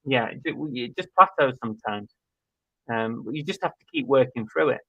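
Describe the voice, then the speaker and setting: A man's voice: medium pitch, expressive, normal speed, no room sound. Guy co-hosting a live stream, chatty and easygoing, dry close sound, bit dull and muffled. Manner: chatty, laid-back, thinking aloud with fillers. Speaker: co-host of a live reselling chat show. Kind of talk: casual live-stream chat, reading viewer comments.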